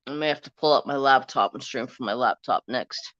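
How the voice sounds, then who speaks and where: A man's voice: mid-range voice, a little fast, a bit bright, no room sound, highs cut off. A man hosting a casual crafting live stream, rambling through a story and getting heated as he retells an argument.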